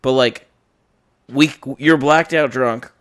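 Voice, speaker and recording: A man's voice: medium pitch, takes it slowly, a bit bright, clean tone. A young man hosting a podcast, telling a long drunken story in a rambling, profane way, full of fillers and acted-out quotes. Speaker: podcast host. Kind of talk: casual storytelling chat.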